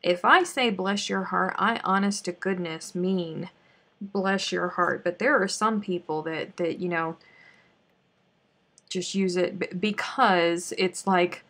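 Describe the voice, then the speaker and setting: A woman's voice: on the low side, measured pace, fairly bright tone. A woman with a Southern US accent chatting casually on a crochet live stream, sometimes counting stitches under her breath.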